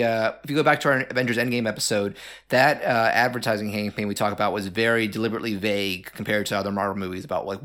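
A man co-hosting a podcast, talking casually about an animated film with lots of fillers and restarts. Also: on the low side. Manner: chatty, many fillers and restarts. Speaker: podcast co-host.

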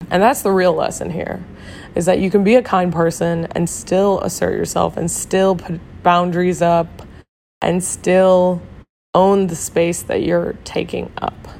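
A woman hosting a casual solo podcast, her voice hoarse and rough after losing it, talking candidly with swearing and lots of fillers. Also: lowish voice, darkish tone, slight background noise. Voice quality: rough, gravelly. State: hoarse from a lost voice. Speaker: podcast host.

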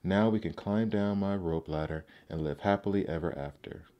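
A bold, devoted young prince from a fairy tale, earnest in every line, as a man reads him. The voice stays deep and unhurried. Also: muffled recording, lightly acted.

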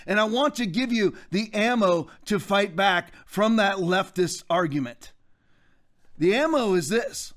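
A man's voice: high-pitched, a bit bright. A man in his fifties hosting a political commentary show, ranting emphatically and addressing listeners directly. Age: 50s. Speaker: show host.

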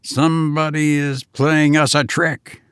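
A man's voice: a little high, flat delivery, slow, fairly bright tone, smooth, no echo, studio quality. A man reading a story aloud, voicing a hesitant companion who suspects a trick. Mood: uneasy. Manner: hesitant, uneasy. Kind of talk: audiobook character voice.

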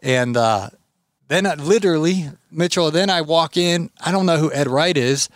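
A man's voice: on the high side, moderate pace, dry recording, studio quality. A man hosting a podcast, telling stories casually and acting out what others said. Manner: animated storyteller, acts out quotes. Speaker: podcast host. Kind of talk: casual chat.

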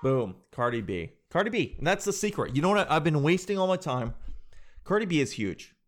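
Animated man hosting casual reactions. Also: a little high, brisk. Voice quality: animated, laughing, addresses viewers as guys and dude. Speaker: reaction video host.

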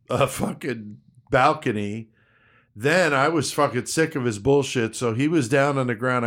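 A man casually telling a rough work story, cursing constantly and acting out the quotes. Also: mid-range voice. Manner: profane, animated, acts out quotes.

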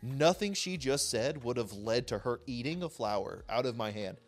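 A man co-hosting a casual podcast chat, ranting in an animated, profane way. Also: mid-range voice, normal speed. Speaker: podcast co-host.

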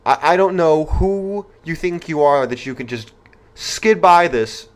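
A man's voice: fairly high pitch, lively intonation, measured pace, clean tone. Indignant male commentary host. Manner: indignant, rhetorical, reads news aloud. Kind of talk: opinion commentary.

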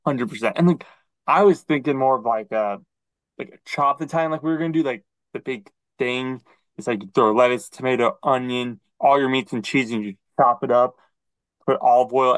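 A man co-hosting a podcast, chatting casually and acting out quoted dialogue in an animated storytelling manner. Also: mid-range voice, fairly quick, no echo, rough recording. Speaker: podcast co-host. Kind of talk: casual chat.

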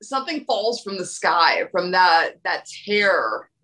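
A woman's voice: fairly low pitch, slow pace, poor audio. A woman chatting casually as a podcast co-host, retelling events with energy. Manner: lively retelling of episode events. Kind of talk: casual chat.

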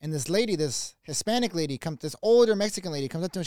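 A young man co-hosting a podcast, telling stories in a casual, animated way and swearing freely. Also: sits high, quick pace, few pauses, clear, resonant tone, no echo, studio quality. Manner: animated, swears a lot, acts out other people's voices. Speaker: podcast co-host. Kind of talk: casual storytelling chat.

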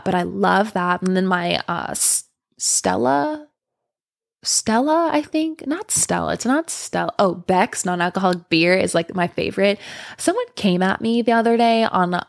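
A young woman rambles through a candid storytime, cursing freely as she goes. Her voice sits low and gravelly with vocal fry, and it sounds close and dry with no room around it. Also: no room sound. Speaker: vlogger. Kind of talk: casual storytime monologue.

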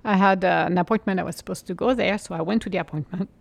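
Speaking in a medium-pitched voice with vocal fry, this woman gives an unhurried spiritual reflection as a mindfulness speaker. She tells stories with light laughs, occasionally sinking to a soft whisper, and the recording is dry.

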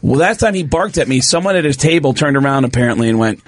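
A man's voice: medium pitch, quick pace. A male comedian telling a stage story in casual chat, acting out the voices in it. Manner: lively, acts out voices in his story.

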